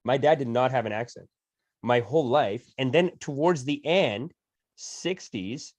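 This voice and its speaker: A man's voice: mid-range voice, a little slow, a little mellow, no room sound. A man hosting a satirical reaction show, joking and laughing often in a mock-reverent way. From Canada. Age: adult, not yet sixty. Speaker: comedic reaction host.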